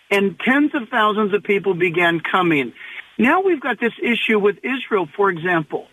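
A man, a pastor, speaking earnestly as a radio interview guest and slowing down to stress his points. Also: sits high, sing-song, fairly bright tone, no echo. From Southern California. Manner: earnest, preacherly, slows for emphasis. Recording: tinny phone line.

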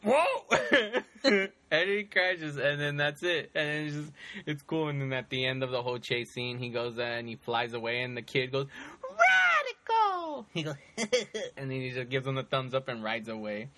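A man hosting a casual chat about movies, telling scenes in an animated way with lots of fillers and frequent laughter. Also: medium pitch, fairly quick, no echo. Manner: animated storytelling, many fillers, laughs often.

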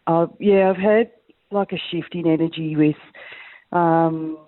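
Lady doing a low slow spacey hippie aunt, aussie drawl, dry cough, tinny phone line. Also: fairly even intonation, no echo. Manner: meandering, vague, spacey. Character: rambling hippie auntie caller, stoner, coughing. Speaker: caller.

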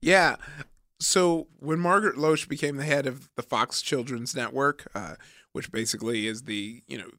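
A man's voice: mid-range voice, moderate pace, bright, forceful tone, no echo, studio quality. A man in his thirties co-hosting a podcast, retelling facts in casual chat and laughing often. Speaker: podcast co-host.

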